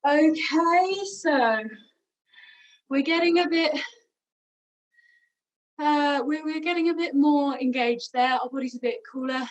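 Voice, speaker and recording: A woman with a British accent leads a group warm-up game over a video call, moving around the room and slightly out of breath as she gives instructions. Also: high voice, takes it slowly, long pauses. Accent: British English. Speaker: singing workshop leader. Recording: voice from a distance from the mic.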